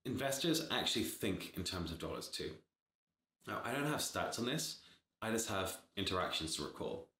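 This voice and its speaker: A man's voice: lowish voice, very animated, moderate pace, pushed and bright, reverberant. A man giving blunt, sarcastic startup advice in a casual talk to camera, swearing freely. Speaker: startup advisor.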